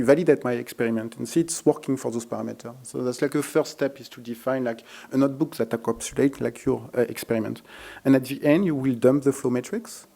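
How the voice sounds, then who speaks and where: Guy walking through a software demo at a conference, mellow low-key voice, lots of uh and um. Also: vocal fry. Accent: French. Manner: halting, many fillers and restarts. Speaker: conference presenter. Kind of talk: live technical demo talk.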